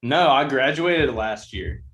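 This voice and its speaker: A man's voice: mid-range voice, animated, takes it slowly, fairly bright tone. A man in his twenties, a musician guest, chatting casually in a laid-back, rambling way with lots of fillers. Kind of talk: casual chat.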